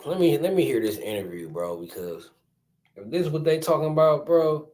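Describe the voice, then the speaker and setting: A man's voice: on the high side, big pitch swings, brisk, darkish tone. A man hosting a live reaction video, reading news aloud in casual slang. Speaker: reaction channel host.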